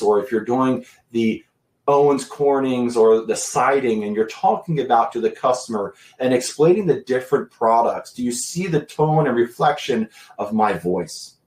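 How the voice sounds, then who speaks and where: A man giving a sales training talk, emphatic and deliberate, pausing for effect. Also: mid-range voice, animated, a little mellow. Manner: emphatic, deliberate pacing with long pauses. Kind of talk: instructional talk to camera. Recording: echoey room.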